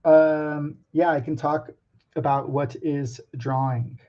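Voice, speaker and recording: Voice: mid-range voice, fairly even intonation, slow pace, muffled recording. An artist talking casually to camera about drawing, hesitant and nervous, with many ums and restarts and some self-mocking asides.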